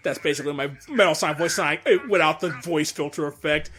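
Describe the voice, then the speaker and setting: Man for a loose commentary read: a slightly high voice, rambling and stammering, with frequent laughs. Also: fast, bright, forceful tone, slight background noise. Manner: rambling, stammers and repeats words; laughs often between remarks. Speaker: fan dub director giving commentary. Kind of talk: casual audio commentary.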